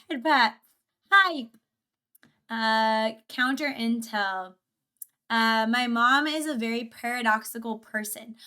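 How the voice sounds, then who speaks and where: A young woman with a fairly high, pushed and bright voice streams a reaction video. She chats casually in a bubbly, giggly way and gets sidetracked easily, in typical livestream reaction fashion.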